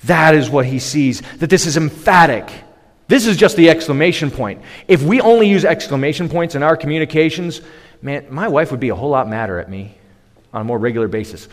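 A man's voice: a little high, animated, brisk. A man preaching a sermon as pastor, emphatic, with sudden raised bursts. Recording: long reverb of a large hall.

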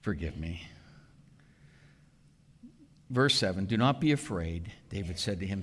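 A man preaching a sermon with animated, dramatic emphasis, recorded in a reverberant church sanctuary. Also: medium pitch. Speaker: pastor. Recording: reverberant hall.

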